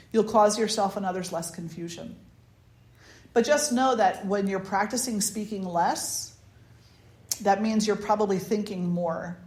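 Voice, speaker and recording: A woman teaching at a satsang chats animatedly through an informal talk full of anecdotes, often laughing and starting her sentences over. She has a mid-range voice, and the room echoes.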